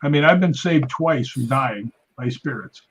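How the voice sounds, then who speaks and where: An unhurried man with a breathy edge is heard on a rough recording. Guesting on a podcast as a stuntman and paranormal investigator, he shares stories casually, animating them by acting out the quotes with a higher pitch.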